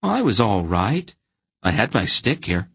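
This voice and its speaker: A man's voice: fairly low pitch, big pitch swings, measured pace, gravelly, fairly bright tone, husky, no room sound, pitched above the performer's own voice, full character voice. A man voicing an eager young man who blurts out his thoughts. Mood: defensive.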